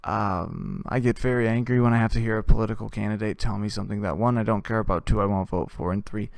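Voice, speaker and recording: A man hosting a comedy show, telling a crude, rambling story with deadpan delivery. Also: lowish voice, quick pace, vocal fry, no room sound, studio quality.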